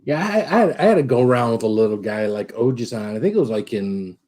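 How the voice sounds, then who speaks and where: A man's voice: medium pitch, lively intonation, quick pace, darkish tone. A man in casual chat, rambling and hesitant, with lots of fillers.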